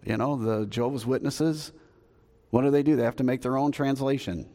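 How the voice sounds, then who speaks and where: A man's voice: medium pitch, steady tone, fairly quick, warm tone. A man with a Southern US accent preaching a sermon as pastor, in a folksy, conversational way that asks the congregation questions. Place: church sanctuary. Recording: long hall reverb.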